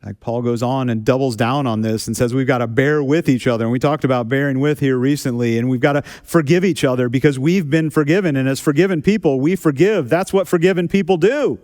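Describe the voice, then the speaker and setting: A man's voice: mid-range voice, a little fast, few pauses, darkish tone. A man preaching a sermon as a pastor, talking casually with self-deprecating humor and repeating phrases for emphasis. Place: church sanctuary.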